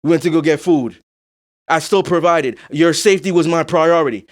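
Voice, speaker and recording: A man's voice: a little high, moderate pace. Blunt, profane man hosting a podcast. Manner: blunt, profane, emphatic, with frequent "you know what I'm saying". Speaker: podcast host. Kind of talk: casual podcast monologue.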